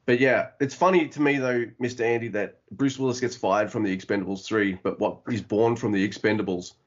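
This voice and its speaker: Husky man with dry, joking delivery. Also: lowish voice, fairly even intonation, brisk, lo-fi sound. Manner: wry, joking, mock accents. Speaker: podcast co-host. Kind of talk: casual film review chat.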